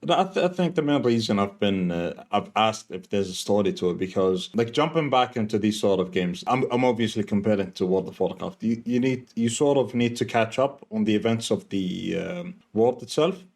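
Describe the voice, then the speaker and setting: A man chatting casually as a podcast co-host, hesitant and expressive. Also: on the low side, moderate pace, creaky, few pauses. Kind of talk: casual chat.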